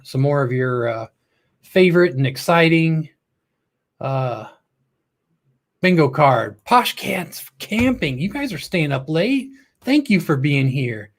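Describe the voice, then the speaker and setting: Chatty man hosting a live stream. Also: on the high side. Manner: chatty, upbeat, teasing. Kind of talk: casual live stream chat.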